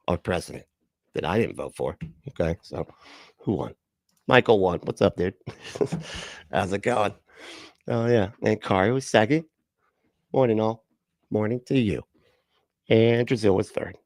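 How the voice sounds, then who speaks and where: Man, lowish voice, dry sound, sarcastic, casual, swears freely. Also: darkish tone, dry recording. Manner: sarcastic, profane, laid-back. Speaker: livestream host. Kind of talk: casual livestream reaction chat.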